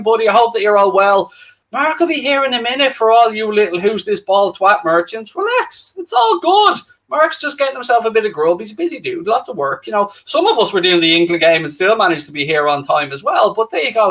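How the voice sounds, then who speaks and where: A young man from Ireland co-hosts a football watchalong livestream, chatting loosely and jokingly while speaking directly to viewers and reading their comments aloud. His voice is high, bright, and forward.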